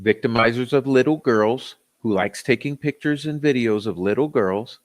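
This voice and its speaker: A man's voice: medium pitch, normal speed. Sarcastic, profane man ranting. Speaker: commentary channel host. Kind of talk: ranting commentary.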